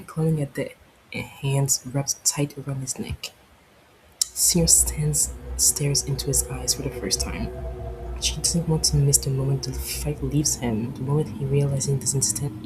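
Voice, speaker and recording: Low-voiced woman reading a game aloud. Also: poor audio. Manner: profane, joking asides, some stuttering. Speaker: game streamer. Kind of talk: reading a visual novel aloud with commentary.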